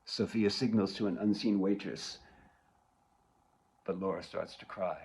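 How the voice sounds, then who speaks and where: Man quietly reading stage directions. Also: low-pitched, fairly even intonation, unhurried, pauses often. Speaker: play reader.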